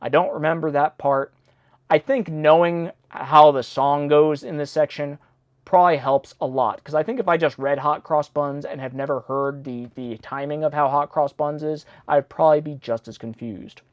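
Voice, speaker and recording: A fairly high-voiced man reads old nursery rhymes aloud, breaking off for rambling, self-mocking comments. The recording is dull and muffled. It sounds close and dry, with no room at all. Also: steady tone, normal speed, no echo. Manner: chatty, self-deprecating asides between readings. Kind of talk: casual read-along with commentary.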